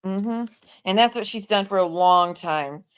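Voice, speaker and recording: A woman's voice: medium pitch, unhurried, clean tone. Heated, profane woman ranting on a livestream. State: tired. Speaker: livestream host. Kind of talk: angry livestream rant.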